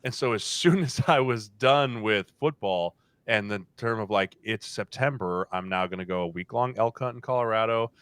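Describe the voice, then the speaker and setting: Lively storytelling man with bright tone. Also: fairly low pitch, normal speed, few pauses, clean tone, dry recording. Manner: animated storyteller, acts out quotes. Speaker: podcast guest. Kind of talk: casual chat.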